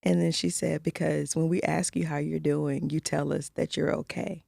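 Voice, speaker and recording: A woman's voice: deep voice, little pitch movement, normal speed, gravelly, dark tone, no echo, clean studio sound. A middle-aged woman co-hosting a podcast, telling a personal story in candid casual conversation and acting out the voices of the people she quotes. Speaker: podcast co-host.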